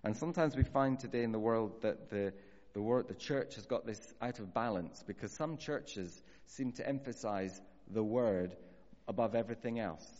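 A man preaching a sermon earnestly, slowing down to stress key phrases. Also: lowish voice, a little mellow. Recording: dull audio with long hall reverb.

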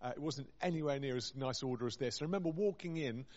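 A man's voice: medium pitch, fast, a little mellow. A man, a vicar, preaching a chatty, humorous story-based sermon with self-deprecating asides. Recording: dull sound with long hall reverb. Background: long reverb.

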